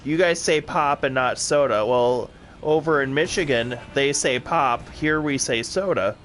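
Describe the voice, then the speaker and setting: A man with a Wisconsin accent talking loosely while playing a game, stringing thoughts together with plenty of fillers. His voice sits at an ordinary middle pitch. A faint hum of room noise sits behind him. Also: a little slow, fairly bright tone. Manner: rambling, filler-heavy, chatty. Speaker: co-host of a gaming stream. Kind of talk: casual chat while playing.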